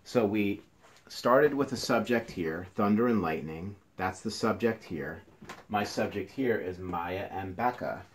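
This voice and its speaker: A man with a deep voice teaches a classroom lesson, speaking slowly and patiently as he counts syllables out loud for his students. He moves around, so his voice sometimes drifts off the mic. There is faint room noise behind him. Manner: slow, counts syllables aloud, talks to students. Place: indoors, near a passing train.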